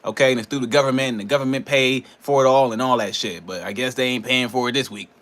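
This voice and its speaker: A man's voice: medium pitch, quick pace, fairly bright tone. A man, a personal trainer and nutrition coach, ranting in a casual vlog, frustrated and profane, rambling between laughs.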